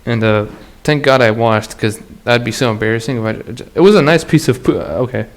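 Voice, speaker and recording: A man's voice: mid-range voice, brisk. A man hosting his own podcast, talking alone in a rambling, crude, slangy way with frequent laughs. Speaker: podcast host. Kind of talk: casual solo podcast monologue.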